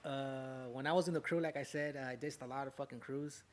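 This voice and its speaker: A young Southern California man, a rapper appearing as a podcast guest, tells a story in casual, profane street slang. His medium-pitched voice stays steady in tone and moves fairly quickly, peppered with the tag words "way" and "fool."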